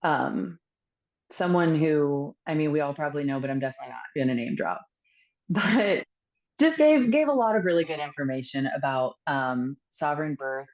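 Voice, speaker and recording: A woman telling a candid personal story as a podcast guest, earnest and reflective, pausing often with fillers. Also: sits low, animated, darkish tone, muffled recording.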